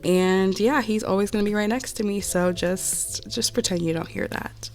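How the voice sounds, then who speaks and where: Sick with a cold, a woman speaks in a nasal voice of medium pitch at normal speed, with faint music in the background. As a nail artist and channel host, she answers a casual voiceover Q&A on a home voiceover mic, chatty and candid with many fillers.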